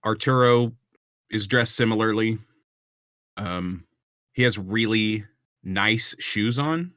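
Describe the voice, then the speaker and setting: A man's voice: lowish voice, takes it slowly, a bit bright, dry recording, clean studio sound. A man narrating a tabletop game as game master, describing scenes with frequent ums and restarts.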